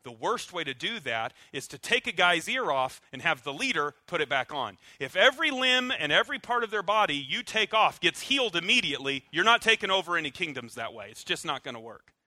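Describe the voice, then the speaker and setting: A male preacher delivers a sermon in a bright, cutting voice that sits a little high for a man. His delivery is animated and varied, leaning hard on key words and dropping low and quiet at the ends of phrases. The sound is close and dry, with no room echo. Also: a little fast, few pauses. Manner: animated and emphatic, swinging from loud stresses to soft, low endings; uses dry humor and acted-out asides. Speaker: pastor.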